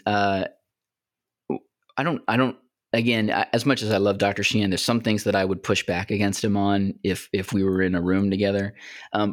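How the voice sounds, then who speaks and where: A man's voice: lowish voice, no echo, clean studio sound. A man co-hosting a podcast, talking earnestly and reflectively with many fillers. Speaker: podcast co-host. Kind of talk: casual discussion.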